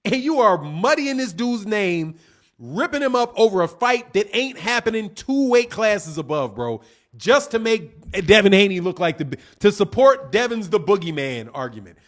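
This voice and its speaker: A man's voice: sits high, very animated, moderate pace. A man giving casual livestream commentary on boxing, reading chat comments and answering them in a blunt, heated, slang-heavy way, often repeating his points.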